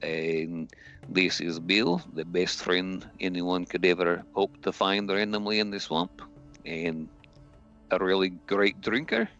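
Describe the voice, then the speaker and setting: A man's voice: sits low, fairly even intonation, slow, a bit bright, highs cut off, faint music behind. A man playing in a tabletop game, chatting casually and joking with frequent laughs. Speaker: player. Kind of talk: tabletop roleplay chat.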